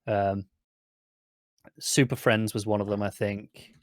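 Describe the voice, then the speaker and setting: A man's voice: on the low side, little pitch movement, slow, no echo, clean studio sound. A man co-hosting a podcast, chatting casually about a TV episode in an easygoing, agreeable way. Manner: easygoing, agreeable, trails off softly. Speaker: podcast co-host. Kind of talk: casual review chat.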